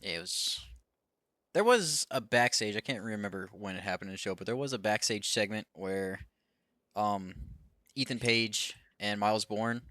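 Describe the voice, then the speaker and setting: A man's voice: lowish voice, moderate pace, sharp tone, no room sound, studio quality. A man hosting a casual podcast, chatting loosely and swearing freely, often acting out what others said. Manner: rambling, loose, swears freely, acts out quotes. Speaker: podcast host. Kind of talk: casual chat recapping wrestling.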